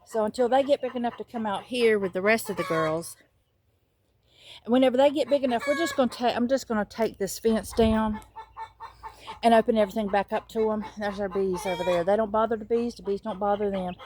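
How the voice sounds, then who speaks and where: A woman's voice: medium pitch, fairly quick, noisy background. A woman with a Southern US accent giving a casual, joking tour of her backyard garden, filmed on a handheld phone. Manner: animated, joking, chatty, swings from muttering to loud exclamations. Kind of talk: casual chatty vlog. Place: outdoor backyard garden with chickens.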